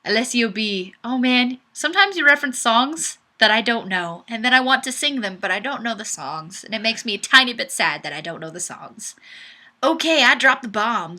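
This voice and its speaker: A woman's voice: on the high side, expressive, moderate pace, bright, forceful tone. Bubbly young woman livestream host. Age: young adult. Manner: bubbly, giggly, playfully self-deprecating. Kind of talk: casual chat reading viewer comments aloud. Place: home room on webcam. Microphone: webcam mic.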